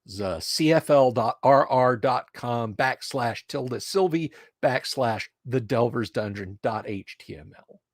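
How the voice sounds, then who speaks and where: Middle-aged male streamer, hype-building ramble, slow delivery, dry close mic. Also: mid-range voice, no echo. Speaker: livestream host. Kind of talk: casual livestream chat.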